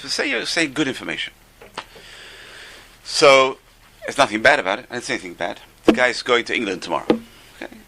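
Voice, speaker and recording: A man's voice: mid-range voice, gravelly, sharp tone. An older man teaching an informal religious class, a chatty, joking storyteller.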